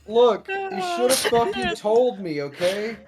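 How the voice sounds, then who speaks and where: Sheepish man with an animated voice. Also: extremely high pitch, measured pace, a crowd in the background. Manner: sheepish, swearing banter. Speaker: tabletop game player. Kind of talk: casual chat on a live stream.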